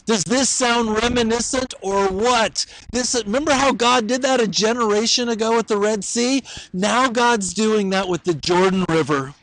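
A man's voice: high voice, moderate pace, fairly bright tone, rough recording. A male pastor preaching a sermon in a conversational, storytelling manner with filler words.

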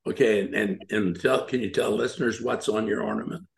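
A man hosting an on-air interview, halting and full of praise and encouragement. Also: on the low side, steady tone, creaky, echoey room. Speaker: radio show host.

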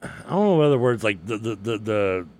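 A man's voice: on the low side, lively intonation, brisk, darkish tone, slight background noise. A man with a Southern accent and a slight lisp, co-hosting a sports radio show, laughing often and tripping over words. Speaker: radio co-host. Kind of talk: casual sports radio banter. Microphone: headset.

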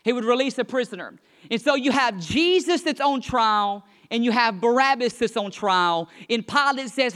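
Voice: mid-range voice, animated, moderate pace, a bit bright. Bible teacher retelling scripture with mounting energy. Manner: reads scripture aloud, then retells it with rising energy; joking aside in a light tone.

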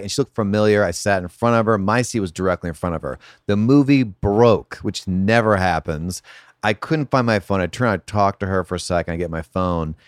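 A man's voice: on the low side, smooth, no room sound, studio quality. A man who is a comedian guest on a podcast, chatting in an easygoing, self-deprecating way. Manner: easygoing, self-deprecating, many short agreements. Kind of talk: casual chat. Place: home podcast studio.

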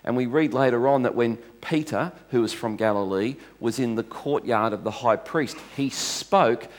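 A man's voice: mid-range voice, normal speed. A male pastor preaching a sermon to a congregation in a conversational, storytelling way, restarting phrases as he goes.

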